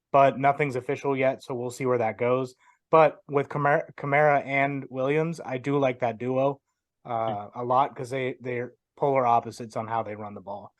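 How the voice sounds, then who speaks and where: A man's voice: mid-range voice, no room sound, muffled recording. A young man co-hosting a sports podcast, laying out his points confidently and in order. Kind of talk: casual sports talk.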